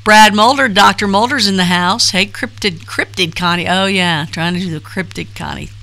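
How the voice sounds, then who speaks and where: A woman's voice: medium pitch, moderate pace, vocal fry, sharp tone. A middle-aged woman hosting a casual live stream, chatting loosely and reading out names from the chat with lots of fillers. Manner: chatty, rambling, reads chat names aloud with frequent fillers.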